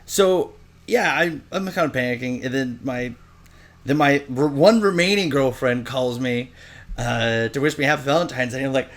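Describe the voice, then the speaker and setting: Animated young man telling a story. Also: moderate pace. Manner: animated storyteller, acts out quotes in high voices. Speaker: podcast co-host. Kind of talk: casual storytelling chat.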